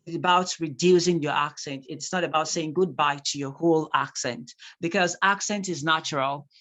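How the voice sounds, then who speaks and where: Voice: mid-range voice, moderate pace, a bit bright. A speaking tutor with a Nigerian accent teaching a live online class, reading out replies from the chat and repeating key points for emphasis.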